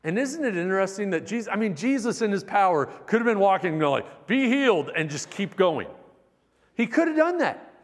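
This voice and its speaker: A man delivers a sermon in a slightly higher-than-usual voice, his words ringing with a long hall reverb. He preaches with animation, swinging from loud emphatic peaks to hushed, personal moments. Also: big pitch swings, a little fast. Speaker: pastor.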